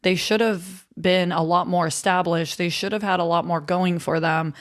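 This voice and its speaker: Female podcast host, lowish voice, frank and profane, explanatory. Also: fairly even intonation, normal speed. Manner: blunt, swears casually, explains. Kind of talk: frank conversational podcast talk.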